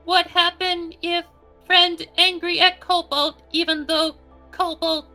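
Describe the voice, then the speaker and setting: A woman's voice: extremely high pitch, little pitch movement, slow pace, pushed and bright, soft background music, voice pushed up, exaggerated voice. A woman voicing an earnest small male draconic creature who speaks in broken third-person phrases during a tabletop game. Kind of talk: tabletop role-play.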